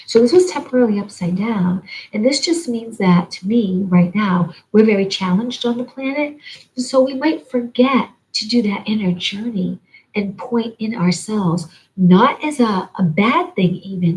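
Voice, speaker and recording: Earnest older woman musing softly. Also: mid-range voice, low-quality recording. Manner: meandering, earnest, drops into soft whispers. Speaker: oracle card reader. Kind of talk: spiritual monologue.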